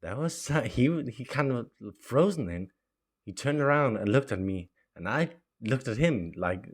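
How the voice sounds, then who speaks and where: A middle-aged man, Norwegian by first language, tells stories from his own life at an unhurried pace. His medium-pitched voice is expressive, his manner chatty and full of fillers and small laughs, and he acts out quoted lines.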